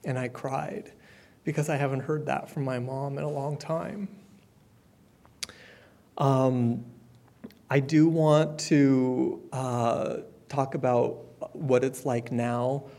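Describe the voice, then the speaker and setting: A middle-aged man tells his own recovery story at a support meeting. He talks candidly and conversationally, in a voice of ordinary middle pitch, with fillers and the odd soft laugh. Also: level tone, slow, gravelly. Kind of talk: personal testimony at a support meeting.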